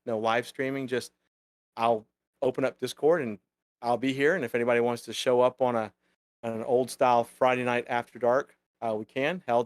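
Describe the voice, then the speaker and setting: Male stream co-host, mid-pitched, loose and rambling delivery, dry room. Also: smooth, no echo. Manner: rambling, lots of fillers. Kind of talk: casual live chat.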